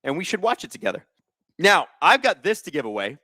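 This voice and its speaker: A man's voice: high voice, sing-song, a little fast, bright, forceful tone, no echo. A young man hosting a live watch-along stream, chatting casually and reading out viewer comments with jokes. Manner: chatty, reads viewer comments aloud, joking. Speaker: livestream host.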